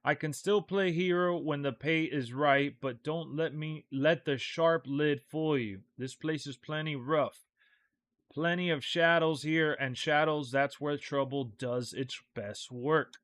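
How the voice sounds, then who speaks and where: A gritty, tough-talking hero speaks from a video game's story scenes, read aloud by a male streamer. The lines come clipped and hard-boiled, in a fairly high voice. The sound is dry and close. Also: a little slow, a bit bright, no room sound. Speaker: streamer reading game dialogue aloud. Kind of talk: reading game text aloud in character.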